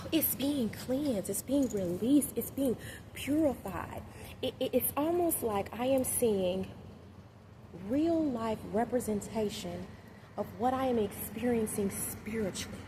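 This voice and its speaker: A mother talking casually and emphatically to her viewers about her spiritual journey, in slangy speech that swings from loud to hushed. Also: on the high side, slow pace, background noise. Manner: slangy, talks straight to viewers. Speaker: mother and motivational vlogger. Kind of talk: casual spiritual vlog talk.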